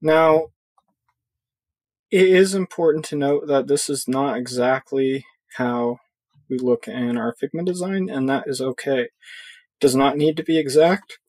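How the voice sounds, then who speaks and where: A man talks slowly and unhurriedly through a software tutorial, thinking aloud as he clicks along. His voice is a little husky and sits at a middle pitch. The sound is dry and close, with no room echo. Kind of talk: casual screen-recorded coding tutorial.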